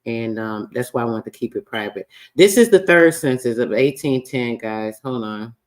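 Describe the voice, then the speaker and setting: A man's voice: medium pitch, lively intonation, moderate pace. Casual man hosting a frustrated livestream. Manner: frustrated, swearing, reading records aloud. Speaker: livestream host.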